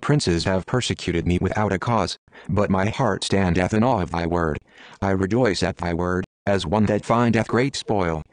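A man reading scripture aloud in a steady, measured, solemn recitation. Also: low-pitched, no room sound. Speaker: scripture reader.

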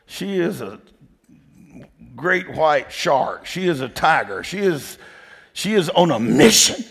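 Man, preacher, gravelly voice, slow folksy delivery, long church reverb. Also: fairly high pitch, big pitch swings, fairly bright tone. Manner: folksy, emphatic, repeats "did you hear me". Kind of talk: storytelling sermon. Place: church sanctuary.

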